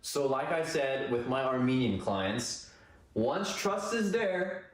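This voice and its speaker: A man's voice: mid-range voice, expressive, takes it slowly. Sales guy explaining his trick, confident, super echoey room. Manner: confident, persuasive, rhetorical questions. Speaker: salesman in a clip. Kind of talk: scripted advice talk.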